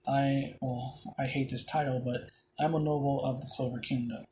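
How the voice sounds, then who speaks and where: A man's voice: mid-range voice, little pitch movement, moderate pace, dark tone, a little hiss or hum, lightly acted. A man voicing a polite, earnest young male hero while retelling a fan story in his own plain voice. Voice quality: plain retelling voice, hardly acted.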